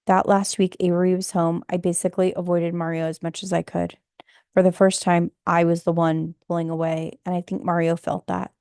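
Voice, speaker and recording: A woman reading a memoir audiobook in a steady, subdued, somber way. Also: lowish voice, a little fast, no room sound, clean studio sound. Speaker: audiobook narrator.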